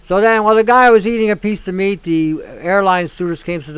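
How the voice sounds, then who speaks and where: A man's voice: high voice, quick pace, hardly any pauses, a bit bright, clean tone, no echo. A man hosting a show, talking in a blunt, ranting monologue that keeps repeating itself and swears freely. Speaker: show host. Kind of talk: opinionated monologue.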